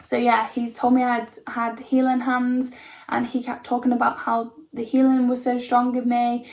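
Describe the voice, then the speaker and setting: A young woman tells her own story to camera in a loose, rambling way, filling gaps with likes and ums. Her voice sits a little high but barely moves in pitch. A gravelly vocal fry runs under her words. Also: monotone, normal speed, a little mellow.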